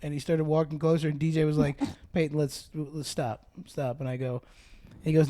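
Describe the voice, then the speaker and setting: A man's voice: fairly high pitch, steady tone, brisk, mellow. A man, a comedian guest on a podcast, telling a rambling story in casual chat and acting out what others said. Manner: riffing, acts out quotes of others.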